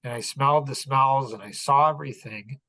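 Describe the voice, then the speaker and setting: Bright, earnest middle-aged man. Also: medium pitch, brisk, no room sound. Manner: earnest, rambling, heavy on "like" and "you know". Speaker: podcast speaker. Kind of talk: personal storytelling monologue.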